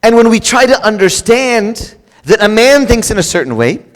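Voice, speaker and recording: A middle-aged male pastor preaching a sermon, lively and casual, acting out quoted husbands and wives in raised voices. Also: high-pitched, moderate pace. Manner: animated, acts out quoted spouses in a raised voice. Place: church. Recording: long reverb of a church hall.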